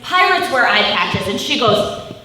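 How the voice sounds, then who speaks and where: A woman's voice: fairly high pitch, sing-song, a little slow. A woman in her thirties, a mother speaking to schoolchildren in a school hall. She tells stories and keeps asking the children questions. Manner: interactive, asks the children many questions. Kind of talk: storytelling talk to schoolchildren. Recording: echoey hall from far off, faint noise.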